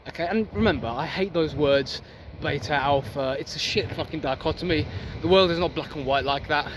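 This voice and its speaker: A man's voice: on the high side, fairly quick. A young man giving a blunt, profane motivational rant outdoors for his vlog. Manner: intense, profane, preachy. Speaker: vlogger. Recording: loud street traffic noise.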